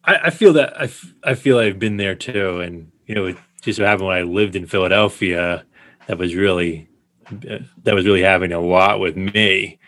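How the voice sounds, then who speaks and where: A man's voice: low voice, normal speed, a bit bright. A man in his forties co-hosting a podcast, responding in a supportive, encouraging way. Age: 40s. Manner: supportive, brief affirmations. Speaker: podcast co-host. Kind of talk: casual podcast chat.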